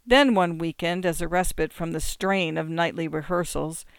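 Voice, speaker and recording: A measured, reflective narrator reading literary fiction aloud. The voice is smooth and resonant, recorded on a close studio mic with a completely dry sound. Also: medium pitch, fairly even intonation, no room sound. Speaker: audiobook narrator.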